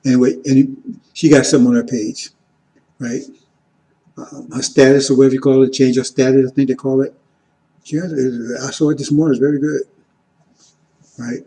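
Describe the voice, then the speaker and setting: A man giving an informal teaching sermon, repeating "See?" and "right?", moving between loud emphatic lines and quiet asides. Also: medium pitch, steady tone, normal speed, pauses often, poor audio. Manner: repetitive, keeps asking "See?" and "right?". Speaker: religious teacher.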